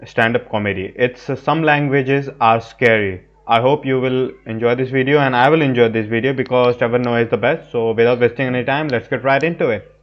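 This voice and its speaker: A man's voice: medium pitch, a little fast. Reaction vid host guy, casual and opinionated, mid voice, kinda dull lo-fi sound. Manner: chatty, opinionated, informal.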